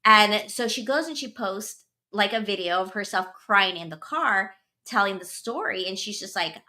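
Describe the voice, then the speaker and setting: A woman's voice: medium pitch, animated, normal speed, pushed and bright. A young woman hosting a podcast, telling a story in casual chat, full of "like" and filler words. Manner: chatty, full of "like" and "blah, blah". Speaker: podcast host.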